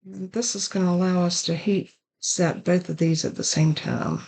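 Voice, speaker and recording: Coughing and sneezing, a middle-aged woman walks through card making step by step in a chatty, casual tutorial and apologizes for her cough. Her voice is lowish, gravelly and darkish in tone, steady at a moderate pace, and the audio is poor.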